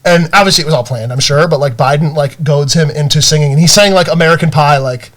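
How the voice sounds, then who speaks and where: A man's voice: fairly high pitch, quick pace. A man co-hosting a podcast, telling stories in casual chat with lots of fillers, restarts and laughs. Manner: animated storytelling, many fillers and restarts. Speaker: podcast co-host.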